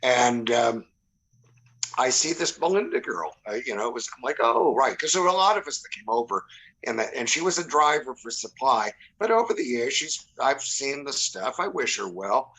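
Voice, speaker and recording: Older male guest, sixties, bright tone, chatty and rambling with many restarts. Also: mid-range voice, animated, moderate pace, husky, rough recording. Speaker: podcast guest. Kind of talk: casual chat.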